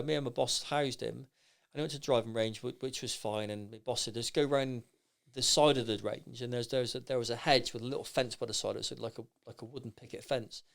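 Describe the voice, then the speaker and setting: Gravelly man telling war stories. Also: medium pitch, brisk. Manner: lively, rambling storyteller with frequent restarts. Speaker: podcast guest. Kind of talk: anecdotal storytelling in casual chat.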